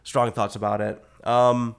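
A man chatting casually as a podcast co-host, his voice rough from being sick, rambling with lots of fillers and easy swearing. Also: medium pitch, flat delivery, a little slow. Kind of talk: casual chat.

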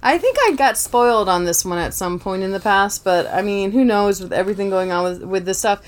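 A young woman co-hosting a casual movie podcast from her bedroom, chatty and quick to laugh, often sidetracked by her cat. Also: mid-range voice. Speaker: podcast co-host. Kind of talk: casual chat about movies. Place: bedroom at home. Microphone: podcast microphone.

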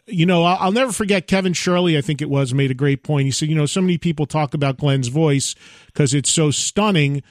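A man with a notably high speaking voice hosts an interview. He stresses his points emphatically and praises his guest at length. The sound is dry and close, with no room around it. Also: a little fast, dry recording. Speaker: radio show host. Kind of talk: interview questions and chat.

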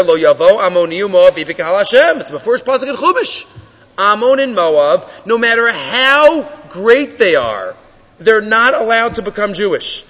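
A man's voice: high voice, a bit bright, in a large hall, muffled recording. A man teaching a Torah class, telling the story with energy and asking and answering his own questions, with Hebrew and Yiddish terms mixed into his English. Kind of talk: animated Torah class lecture.

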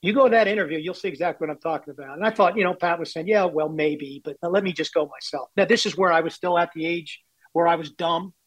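Brief: man, 60s, raised-pitch voice, candid anecdotal storyteller, dry close sound. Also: fast, dry recording, low-quality recording. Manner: candid, self-deprecating anecdotes. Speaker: baseball executive guest. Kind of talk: storytelling interview.

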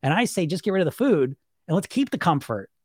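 A fairly high-voiced middle-aged man talks as a weight-loss coach in a loose, emphatic monologue. He stacks fillers, throws questions at the listener and swears casually. The sound is close and dry, with no room in it. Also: very animated, fast, slightly rough, dry recording. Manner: chatty, emphatic, repeats fillers, swears casually, laughs often.

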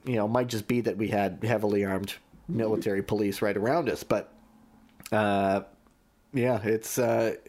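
Low-voiced sports reporter storytelling. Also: male voice, fairly even intonation, moderate pace, darkish tone. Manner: anecdotal storytelling, many restarts. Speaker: sports journalist guest. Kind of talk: podcast conversation.

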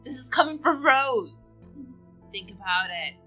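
A woman player in a tabletop game, soothing her friend in character with a giggly manner. Her voice is high, bright and full of swoops, with faint music behind her. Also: lively intonation, measured pace. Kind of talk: casual in-character role-play.

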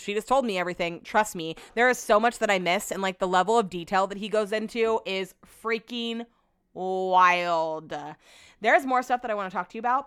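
A woman's voice: mid-range voice, fairly bright tone, smooth, dry recording, clean studio sound. A young adult woman hosting her own podcast from home, ranting candidly and swearing often. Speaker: podcast host. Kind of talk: solo podcast chat.

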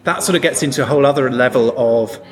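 A man's voice: medium pitch, fast. An English man with an English accent hosting a podcast, talking thoughtfully with hesitant fillers. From England. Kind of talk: casual podcast chat.

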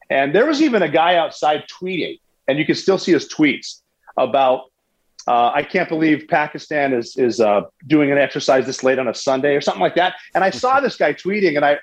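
Man, husky, slightly high voice, animated storyteller, dull lo-fi sound. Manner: animated, with restarts and sports analogies. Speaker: guest recounting a military raid. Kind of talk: conversational storytelling.

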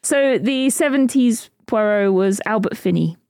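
A woman's voice: a little high, lively intonation, a little slow, darkish tone, a little hiss or hum. A woman co-hosting a podcast in casual chat, rambling and giggly with lots of fillers. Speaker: podcast co-host.

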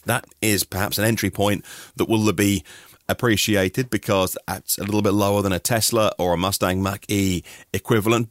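Guy doing his daily news podcast, lowish voice, dry close sound, chats between stories. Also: no room sound. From Norfolk, England. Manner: chatty, personal asides between news items. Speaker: podcast host.

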